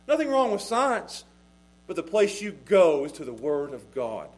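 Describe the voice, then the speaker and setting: A middle-aged man preaching a sermon as pastor, swinging between hushed lines and loud, emphatic ones. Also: on the high side, big pitch swings, measured pace.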